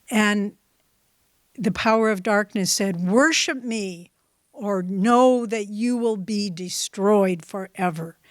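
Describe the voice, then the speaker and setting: A woman giving a devotional class talk, telling a spiritual story slowly and softly. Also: mid-range voice, dry recording, clean studio sound. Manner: slow, devotional, soft-spoken. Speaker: spiritual teacher.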